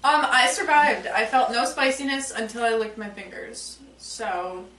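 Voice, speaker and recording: A young woman guest giving relaxed ratings in a casual podcast chat, hedging with "like" and "um". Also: a little high, a little slow. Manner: easygoing, hedges with "like" and "um". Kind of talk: casual chat over food and drinks. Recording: echoey room, mic at a distance, background noise.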